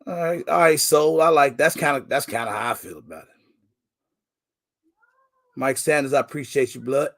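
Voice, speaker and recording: A man's voice: medium pitch, normal speed, creaky, long pauses, fairly bright tone. A young man hosting a casual live stream, greeting viewers by name in a slangy, joking, laid-back way. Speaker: livestream host.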